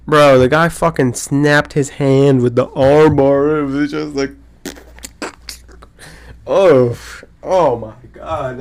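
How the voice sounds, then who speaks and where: A man around twenty hosting his own podcast, chatting casually in an excitable, rambling way full of slang and swearing. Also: a little high. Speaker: podcast host. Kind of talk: casual solo podcast chat.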